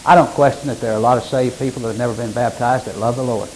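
A man preaching a sermon, reading scripture aloud and explaining it, with sudden emphatic rises in pitch and loudness. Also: fairly even intonation, very fast, a little hiss or hum, rough recording. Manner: emphatic, rising to sudden loud peaks.

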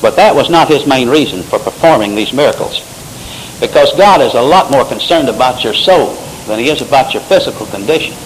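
Animated preacher man. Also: mid-range voice, fairly quick, slight background noise, low-quality recording. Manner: preaching with rising emphatic bursts and Bible quotes. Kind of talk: sermon.

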